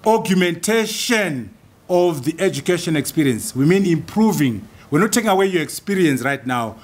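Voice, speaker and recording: A man lectures to an audience, his voice high and husky. His pitch leaps up and down as he stacks point after point in emphatic lists. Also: animated, normal speed. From Zimbabwe. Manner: emphatic, rhetorical, builds long lists. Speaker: guest lecturer. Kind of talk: public lecture.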